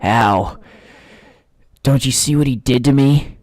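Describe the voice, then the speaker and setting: A man voicing a regretful male doll servant, reading the lines aloud slowly and plainly. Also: mid-range voice, a little mellow, no room sound, voice pushed up, close to an everyday voice. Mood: urgent. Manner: reads the game's text aloud slowly and plainly.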